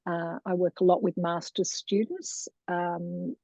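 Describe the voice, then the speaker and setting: In a lowish, mellow voice with flat delivery and an unhurried pace, a middle-aged Australian Montessori lecturer talks as a guest in a casual interview. She wanders chattily through her story, laughing often, on a dull, dry lo-fi recording.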